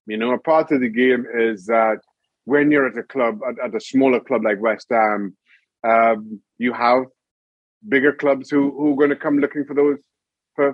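A man's voice: medium pitch, dry recording, highs cut off. A middle-aged man, a former goalkeeper, chatting as a guest and telling stories with laughter. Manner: animated storyteller, laughs often. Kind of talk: casual interview chat.

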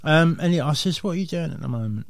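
A man co-hosting a comedy podcast, telling an absurd anecdote in a deadpan, rambling way with low mumbled asides. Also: fast talker, vocal fry, dry recording. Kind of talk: absurd comic anecdote, improvised banter.

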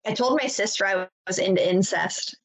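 A woman's voice: mid-range voice, normal speed, poor audio. A woman co-hosting a casual podcast chat, telling stories in a loose way with lots of fillers. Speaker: podcast co-host.

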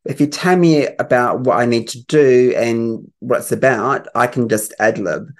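Podcast host, mid-pitched, conversational, summarises and asks questions. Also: moderate pace. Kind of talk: casual chat.

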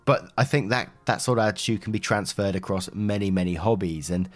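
Over faint background music, a man with a lowish voice reads an online post out loud at a brisk pace. As host, he then discusses it casually, chatting along with fillers and asides.

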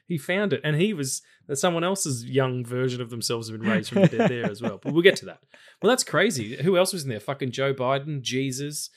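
A blunt man guesting on a podcast who swears freely and rambles through restarts. His pitch sits in an ordinary middle range. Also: lively intonation, a little fast. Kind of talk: casual chat.

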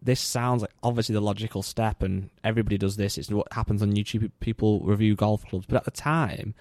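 Low-voiced man co-hosting a podcast. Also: fairly even intonation, brisk, a little mellow, no room sound. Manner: reflective, chimes in with comments. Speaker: podcast co-host. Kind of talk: casual conversation.

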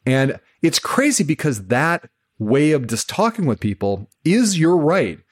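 A man, a political journalist hosting a casual discussion, talking in a brisk, frank, storytelling way with some profanity. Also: fairly high pitch, sing-song.

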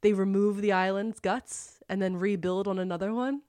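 A woman's voice: medium pitch, steady tone, normal speed, a little mellow, dry recording, studio quality, lightly acted. A woman doing a grim rotting boat man. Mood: ominous. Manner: blunt, foul-mouthed warnings. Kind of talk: casual retelling of a story.

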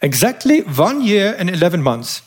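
A man's voice: high voice, sing-song, moderate pace, husky, voice pushed up, full character voice. A man voicing a vain, self-satisfied young womanizer who talks in a lazy drawl. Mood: smug.

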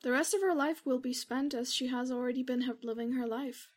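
A woman's voice: sits high, brisk. A woman playing a tabletop role-playing game, speaking casually with hesitant restarts as she explains her character's plans.

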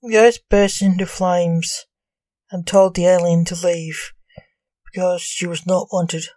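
A woman narrating a gothic story for a podcast in a slow, measured, dramatic manner. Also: on the low side, fairly even intonation, mellow, dry recording.

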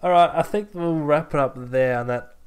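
A man's voice: fairly high pitch, normal speed, clear, resonant tone. A man co-hosting a casual podcast, laid-back and teasing his co-host. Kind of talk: casual chat.

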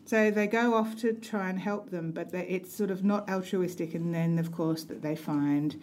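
A woman's voice: on the low side, fairly even intonation, moderate pace, darkish tone, slight background noise. Middle-aged woman, podcast co-host, eager and laughing, casual chat. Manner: chatty, enthusiastic, laughs often.

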